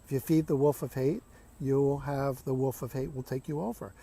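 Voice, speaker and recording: A man voicing a patient, wise old grandfather who is a medicine man, speaking calmly and gently. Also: mid-range voice, brisk, gravelly, breathy edge. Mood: gentle. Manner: calm, gentle storytelling.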